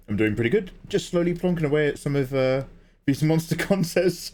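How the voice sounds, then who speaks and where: A man's voice: medium pitch, lively intonation, a little fast, a little mellow. An Australian man chatting casually while drawing on a livestream, laid-back, swearing and laughing as he reads chat. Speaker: art livestreamer.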